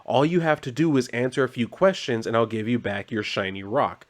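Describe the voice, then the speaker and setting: A man's voice: mid-range voice, fairly quick, lightly acted. A man voicing a nosy, wisecracking veteran male martial artist, reading the lines out plainly. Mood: wry. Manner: read out plainly in a comic recap.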